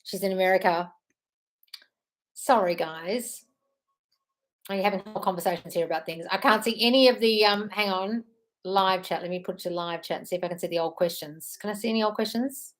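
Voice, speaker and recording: A woman's voice: mid-range voice, brisk. A woman hosting a casual live stream, chatting in a scattered, apologetic way while answering viewer comments.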